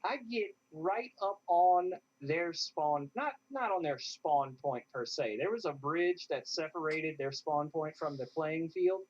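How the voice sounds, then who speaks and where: A man, a guest in an interview, telling a lively story and acting out what others said. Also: fairly high pitch, unhurried, hardly any pauses. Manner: animated, acts out what others said. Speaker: interview guest, airsoft player. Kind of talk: casual storytelling. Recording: dull lo-fi sound.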